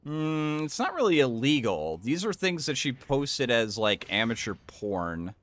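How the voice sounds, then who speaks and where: A man's voice: medium pitch, big pitch swings, a little slow, a bit bright, faint music behind. A man doing casual reaction commentary, interrupting with crude, rambling and mocking remarks. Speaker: streamer commentator.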